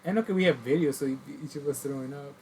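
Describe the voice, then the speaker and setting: Male co-host, code-switches with fillers, mid-pitch, faint noise. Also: very fast, a little mellow, low-quality recording. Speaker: podcast co-host. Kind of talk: casual chat.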